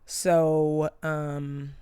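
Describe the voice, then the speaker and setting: A woman's voice: low voice, flat delivery, drawn-out words, warm tone, clean tone. A young woman chatting casually to camera, drifting between tangents and losing her thread, with plenty of "like" and the odd swear word. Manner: chatty, tangent-prone, loses her train of thought. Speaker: vlogger. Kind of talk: casual rambling chat to camera.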